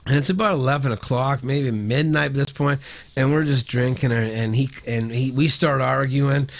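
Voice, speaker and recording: A middle-aged man from Canada with a gravelly, fry-edged voice at an ordinary male pitch. He tells a story as a podcast guest, casually and loosely, stumbling over restarts and dropping curse words without a second thought. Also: steady tone, moderate pace. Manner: rambling, frequent restarts, swears freely.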